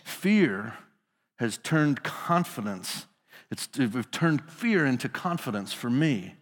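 A man's voice: medium pitch, big pitch swings, takes it slowly, in a large hall. A male pastor preaching a sermon in a casual storytelling manner, putting his listeners into the scene.

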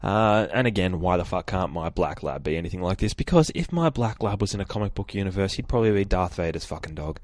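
A man's voice: sits low, fast talker, hardly any pauses, no echo, studio quality. Sweary laughing man. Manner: swearing, laughing often, lively retelling. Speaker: podcast host. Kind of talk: casual comic book review.

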